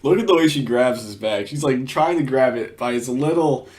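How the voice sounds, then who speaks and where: A man's voice: mid-range voice, moderate pace, a little mellow. A man giving casual, crude commentary on a video, laughing often and swearing. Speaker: commentator reacting to a clip.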